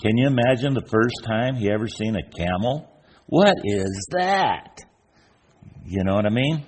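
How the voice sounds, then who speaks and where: With a little hiss or hum on the recording, an older man speaks fairly quickly in a low, slightly mellow voice. He's a preacher delivering a folksy, informal sermon, spinning stories and performing the imagined voices of their characters.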